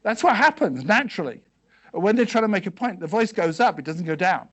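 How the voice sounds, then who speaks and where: A man giving a seminar talk to a live audience, asking them quick questions and checking in with "okay" and "yes?" as he goes. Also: high voice, sing-song, husky. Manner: conversational, peppered with "okay" and "yes?". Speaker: seminar speaker.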